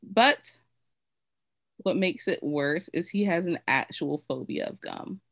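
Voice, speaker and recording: With a fairly low, fairly bright voice and a slow pace, a podcast co-host rambles through candid stories in casual conversation, filling it with lots of fillers. The recording has no echo.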